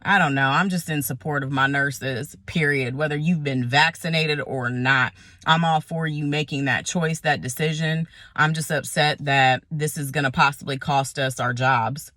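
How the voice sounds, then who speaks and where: A woman speaks as a nurse in an impassioned vlog, frustrated and emphatic, hammering her points home by repeating them. Her voice is bright and forward. The sound is dry and close, with no room behind her. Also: sits low, steady tone, moderate pace, dry recording. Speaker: nurse vlogger.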